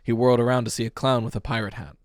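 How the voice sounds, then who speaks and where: A man narrating a horror audiobook with expressive, dramatic reading. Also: medium pitch, racing, dry recording, clean studio sound. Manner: expressive reading, raising voice for tense dialogue.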